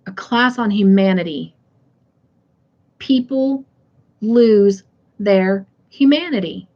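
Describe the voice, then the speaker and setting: Unhurried middle-aged woman hosting a live stream. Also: mid-range voice, lively intonation, dull audio. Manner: chatty, reads viewer comments aloud and laughs easily. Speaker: host of a crafting live stream. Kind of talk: casual live-stream chat.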